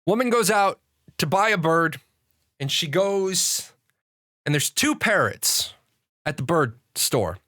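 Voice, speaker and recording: A man's voice: on the high side, sing-song, slow pace, long pauses, sharp tone, no room sound, clean studio sound. A man streaming live, rambling and laughing at his own jokes in casual chat.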